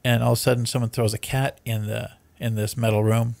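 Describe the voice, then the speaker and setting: A man's voice: mid-range voice, fairly quick, creaky, no room sound. A man hosting a casual podcast, rambling and swearing as he retells movie plots. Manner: rambling, profane, animated storyteller. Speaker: podcast host.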